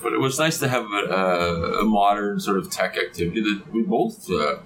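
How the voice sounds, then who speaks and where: Older man, deep voice, relaxed, chuckling, casual chat. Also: moderate pace, faint music behind, rough recording. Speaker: guest, father of a co-host.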